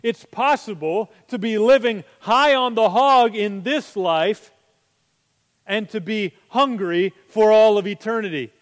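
Male pastor, high voice, chatty sermon delivery with plenty of rhetorical questions, long church reverb. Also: a little slow. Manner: conversational, asks rhetorical questions.

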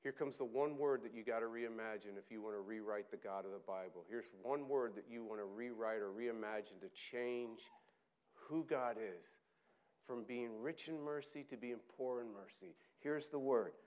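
A man preaching a sermon, acting out shouted voices and dropping to quiet asides. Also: mid-range voice, moderate pace. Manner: animated, acts out shouted voices, drops to near-quiet asides.

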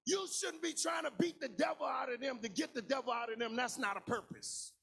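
Pastor, male, very high gravelly voice, shouting sing-song sermon. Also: a little fast, soft background music. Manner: preaching with shouted, sing-song cadence and repetition.

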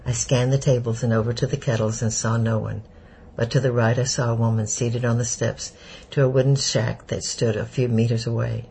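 Gravelly male audiobook narrator. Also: medium pitch, little pitch movement, brisk, darkish tone, slight background noise, rough recording.

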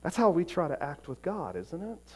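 A man preaching a sermon, earnest, swinging from emphatic peaks to quiet, soft passages. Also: a little high, huge pitch swings, normal speed. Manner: acts out short voices in quotes. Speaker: pastor.

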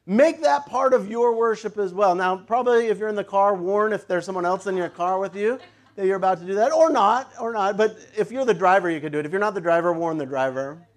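Pastor, male, higher voice, lively humorous sermon delivery with playful shouts. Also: fairly quick. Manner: animated, jokey, bursts into playful shouts.

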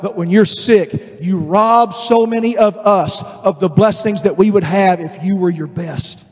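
High-voiced man preaching in a reverberant hall. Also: unhurried, breathy edge. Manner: animated, acts out quoted voices, builds to emphatic declarations. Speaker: pastor. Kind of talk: sermon.

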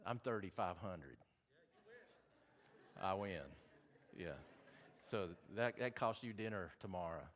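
A man with a Southern accent preaching a sermon, reading scripture and making folksy, animated asides to the congregation. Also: sits low, slow pace, long pauses.

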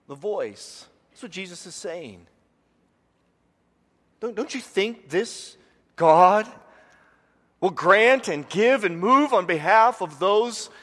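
A man's voice: very high-pitched, a bit bright. A man in his forties, a pastor, giving a sermon and telling stories from home, acting out his family's voices. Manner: storytelling, imitates family voices. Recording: long hall reverb.

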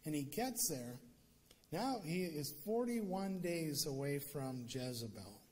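A man preaching a sermon, telling a story with lively emphasis that rises to emphatic peaks. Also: fairly high pitch, slow pace. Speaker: pastor.

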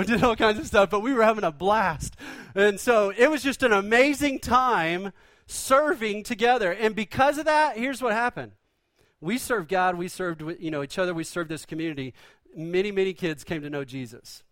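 A man's voice: sits high, a bit bright, no echo. A male pastor preaching a sermon in a conversational, joking storytelling manner.

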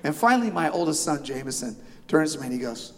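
A high-voiced middle-aged male pastor tells a sermon story, animated and self-deprecating, checking in with the congregation as he goes. His voice carries through a big church hall with a long reverb tail. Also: quick pace, noisy background. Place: church sanctuary.

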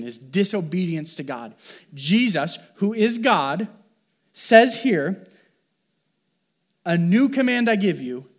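Male pastor with a slightly raised voice, conversational sermon style that draws the congregation in with questions. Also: a little high. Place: church sanctuary.

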